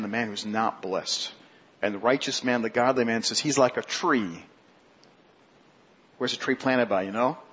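A male pastor preaching a sermon in a husky, slightly breathy voice. He puts questions to the congregation and drags out key phrases for emphasis. The recording sounds dull and lo-fi. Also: medium pitch, a bit bright.

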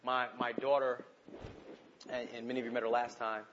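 A man preaching a sermon, moving between urgent, passionate pleas and quiet, reflective asides. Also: mid-range voice, flat delivery, normal speed, dull audio, noisy background. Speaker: pastor.

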